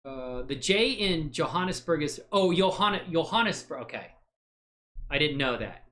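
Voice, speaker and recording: A man hosting a software livestream, chatting casually and thinking aloud while he works, rambling and joking at his own expense with frequent laughs. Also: fairly high pitch, animated, moderate pace. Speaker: livestream host.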